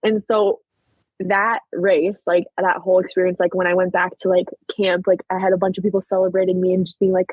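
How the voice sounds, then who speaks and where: Husky teen girl, podcast guest, rambly and chatty with lots of "like", dry close sound. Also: fairly low pitch, a little fast, no echo, phone-quality sound. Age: late teens. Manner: chatty, peppered with "like", animated retelling. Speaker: podcast guest, track athlete. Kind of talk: casual storytelling interview.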